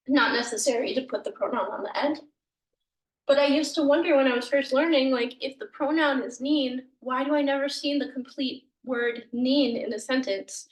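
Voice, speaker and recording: A woman teaching a language lesson, explaining grammar patiently and sounding out words slowly, sometimes correcting herself. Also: a little high, recorded from a distance. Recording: echoey room, voice a bit off mic.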